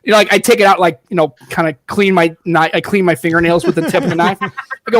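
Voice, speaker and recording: A man hosting a podcast in casual chat, telling stories in an animated, profane way. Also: sits high, fast talker, no echo, clean studio sound. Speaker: podcast host.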